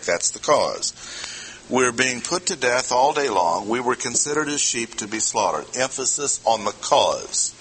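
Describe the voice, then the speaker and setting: Bright-voiced man preaching conversationally. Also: medium pitch, animated, measured pace, a little hiss or hum, poor audio. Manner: conversational, asks the audience questions. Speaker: pastor. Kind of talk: expository sermon.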